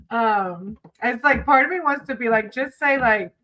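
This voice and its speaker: A woman's voice: on the high side, a bit bright, low-quality recording. A woman hosting a casual livestream, chatting with viewers between tarot readings, giggling often and calling people sweetie.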